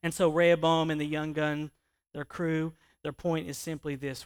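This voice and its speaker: A man preaching a sermon in a conversational, animated way, often asking his listeners questions. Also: on the high side, normal speed, clear, resonant tone. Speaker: pastor.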